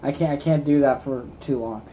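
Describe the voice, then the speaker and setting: A man's voice: mid-range voice, fairly quick, dark tone, a little hiss or hum. A man co-hosting a casual chat in a put-on Southern drawl, swearing and joking crudely. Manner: crude, profane banter. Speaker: co-host.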